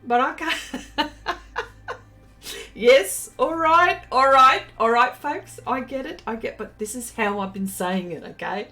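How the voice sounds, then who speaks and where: Slow-talking Australian woman with a raised voice. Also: a little high, sharp tone, soft background music. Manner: chatty, laughs often, reads viewer comments aloud. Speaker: art live-stream host. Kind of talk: casual live-stream chat while painting.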